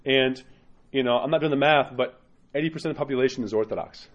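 A man preaches as an Orthodox priest in an informal, conversational way, often checking in with his listeners. His voice sits at a middle pitch. The recording sounds a little dull and muffled. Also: fast talker. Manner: conversational and direct, many tag questions, acts out quoted parishioners. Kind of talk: informal homily to a congregation.

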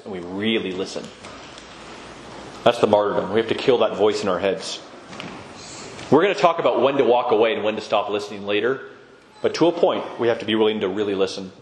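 In a reverberant, echoing space, a lowish-voiced man talks through Orthodox Christian living in a relaxed sermon style, performing the voices of people he quotes. There's a slight noise in the background.

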